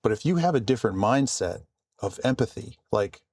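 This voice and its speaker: A man vlogging casually about his work, calm and conversational with frequent restarts. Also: fairly low pitch, moderate pace, no room sound, studio quality. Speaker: vlogger and IT support worker. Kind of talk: casual storytelling to camera.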